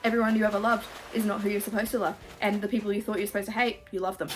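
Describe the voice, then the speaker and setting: A young Australian woman in her twenties chatting casually through a Q&A while she plays a game, gushing and animated, full of fillers and swearing. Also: mid-range voice, racing, heavy background noise. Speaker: YouTuber. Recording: music playing behind.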